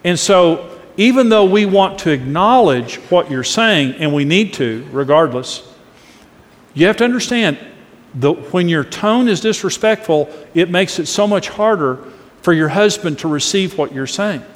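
A man's voice: sits high, lively intonation, unhurried. A middle-aged man preaching a sermon on marriage, earnest and emphatic, acting out different tones of voice as examples. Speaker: pastor teaching on marriage. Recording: long reverb of a large hall.

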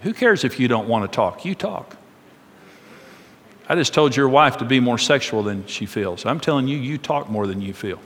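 A man's voice: mid-range voice, normal speed. Joking preacher man in a big hall. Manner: animated, joking storyteller. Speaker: pastor. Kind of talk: conversational sermon. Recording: long reverb of a large hall.

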